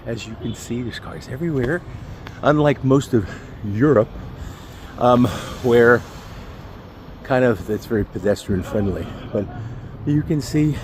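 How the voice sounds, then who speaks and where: A man's voice: medium pitch, darkish tone. Rambling man vlogging on a noisy street. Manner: rambling and easily sidetracked. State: slightly out of breath from walking uphill. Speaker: airline pilot and travel vlogger. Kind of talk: casual walking vlog. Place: outdoors on a city residential street. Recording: noisy outdoor street ambience. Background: street traffic.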